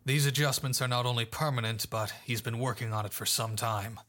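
A man's voice: mid-range voice, fairly even intonation, fairly quick, a bit bright, close to an everyday voice. A man voicing a cold, calculating adult male crime boss, speaking in curt, commanding sentences. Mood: clipped.

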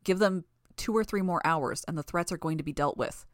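A woman voicing a smug, unfazed man in an audiobook, calm and dismissive. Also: sits low, brisk, dry recording, clean studio sound, natural voice.

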